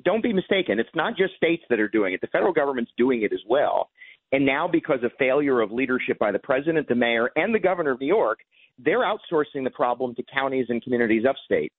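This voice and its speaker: A man's voice: mid-range voice, no echo. A man calling in to a radio show as a congressman guest, making emphatic points. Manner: emphatic, talking points delivered quickly. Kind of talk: political interview on call-in radio. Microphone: telephone. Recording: tinny phone line.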